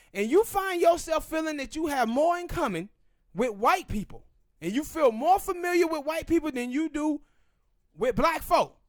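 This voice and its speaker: Southern male podcast host, high-pitched, opinionated, talks with hard emphasis. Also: no echo, studio quality. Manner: emphatic, ranting, drawn-out pauses. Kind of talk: opinionated casual commentary.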